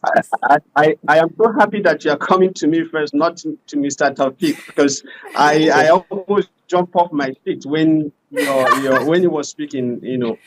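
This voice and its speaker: A man arguing forcefully as a panel guest in a debate. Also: fairly high pitch, moderate pace, hardly any pauses, low-quality recording. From Nigeria. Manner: forceful, argumentative.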